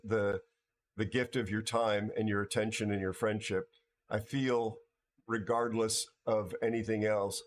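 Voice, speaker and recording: A tired man hosting a livestream, chatting casually with viewers and often stumbling over and repeating his words. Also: on the low side. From United States. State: tired from no sleep. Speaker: livestream host.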